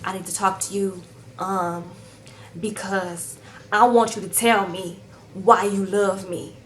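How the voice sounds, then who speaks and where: A woman's voice: medium pitch, fairly even intonation, slow, voice pushed down, natural voice. A woman imitating a worked-up young man who fires off pushy rhetorical questions. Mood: demanding.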